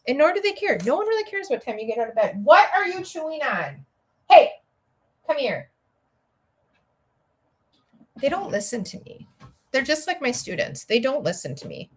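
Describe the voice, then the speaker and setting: Chatty Minnesota woman with a high voice. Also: very animated, brisk. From Minnesota, USA. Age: middle-aged. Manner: chatty and rambling, often laughing, talking to viewers. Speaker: livestream host and educator. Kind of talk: casual livestream chat while building.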